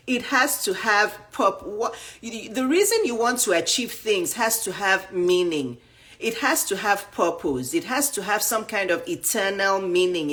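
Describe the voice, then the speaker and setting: Nigerian woman coach, rhetorical questions. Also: fairly low pitch. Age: 50s. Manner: animated, asks rhetorical questions and acts out viewers' thoughts. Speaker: dating and image coach. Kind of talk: casual motivational talk to viewers. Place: live stream.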